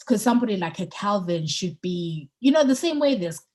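A woman co-hosting a podcast in casual chat, chatty and getting excited on politics, with lots of fillers and restarts. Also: medium pitch, brisk. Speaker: podcast co-host.

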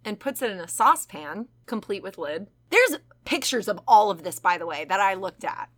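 A woman with a medium-pitched voice speaks at a normal speed while co-hosting a casual true-crime podcast. She retells the case as an animated story, laughing a lot and swearing freely.

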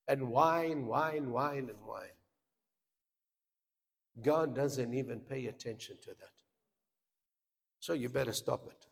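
A man preaching a sermon, swinging from loud, emphatic cries down to quiet asides. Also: medium pitch, takes it slowly, creaky, pauses often. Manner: preaching with dramatic rises into shouts and drops to a hush. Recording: long hall reverb.

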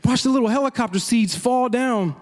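A high-voiced man preaching a sermon. He is animated and lively, slipping into acted-out quotes and laughing along the way. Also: brisk. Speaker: pastor.

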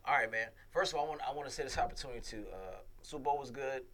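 A man's voice: medium pitch, rapid-fire, a bit bright. A man in his forties hosting a call-in talk show, bantering casually and playfully with plenty of swearing. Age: 40s. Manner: profane, playful, reads news stories aloud.

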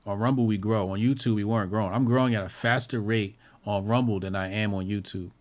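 A man with a lowish voice and steady tone talks fast as he hosts a commentary show. His casual, profane commentary rambles loosely, with free swearing and trailing off into fillers.

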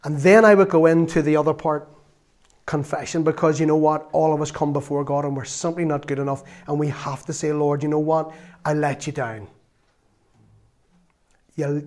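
Male lay preacher, fairly high voice, earnest storyteller who breaks into loud exclamations. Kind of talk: sermon.

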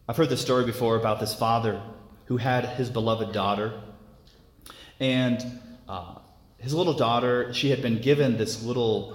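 A man preaching a sermon in an earnest, unhurried way, often repeating words as he goes. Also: medium pitch, a little hiss or hum. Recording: echoey hall with long reverb.

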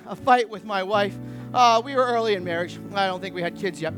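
A man's voice: high voice, brisk, fairly bright tone, soft background music. A pastor giving a sermon. He tells a candid personal story with self-deprecating humor and speaks earnestly about confession. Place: church service.

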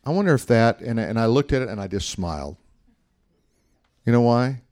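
A male pastor preaches in a relaxed, conversational way, mixing in funny stories and asides. His voice sits at an ordinary pitch for a man. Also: normal speed. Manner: humorous, anecdotal, conversational preaching. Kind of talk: sermon.

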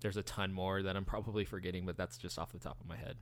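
A man's voice: deep voice, level tone, fast. A man co-hosting a podcast in casual, enthusiastic chat, with lots of "like". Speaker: podcast co-host.

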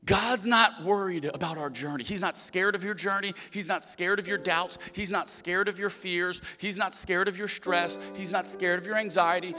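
A man with a Southern US accent preaching a sermon, surging to loud emphatic peaks and dropping low for quoted asides. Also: a little fast, in a large hall, soft background music. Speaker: pastor.

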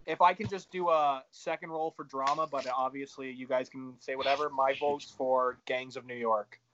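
A man co-hosting a podcast in loud, excitable casual chat, with plenty of swearing. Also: medium pitch, normal speed, background noise. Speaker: podcast co-host. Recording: dull lo-fi sound.

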